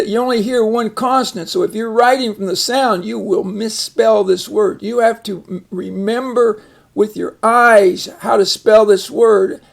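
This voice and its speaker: A man's voice: high voice, vocal fry, darkish tone. An older man teaching a phonics lesson, carefully sounding out words and giving example sentences. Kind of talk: reading lesson narration.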